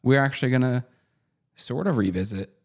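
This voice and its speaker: Husky, lively-voiced joking man. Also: mid-range voice. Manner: joking, laughing often, halting restarts. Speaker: podcast co-host. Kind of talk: casual podcast chat.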